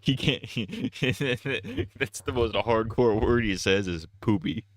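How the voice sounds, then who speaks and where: A man's voice: medium pitch, lively intonation, slow pace. A man streaming a game, chatting casually and goofing around, laughing at his own jokes. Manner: goofy, joking, laughs at his own bits.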